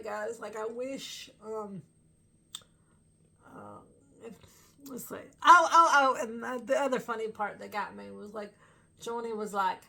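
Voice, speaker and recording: Bright, gravelly woman chatting. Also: fairly high pitch. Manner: rambling, with frequent fillers and bursts of laughter. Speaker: fan vlogger. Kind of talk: casual chat to camera.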